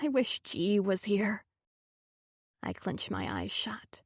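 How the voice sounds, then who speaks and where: A woman reading a romance audiobook in first-person narration, soft and subdued with emotion. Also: medium pitch, wildly swooping pitch, slow pace, long pauses, slightly rough, no room sound, clean studio sound.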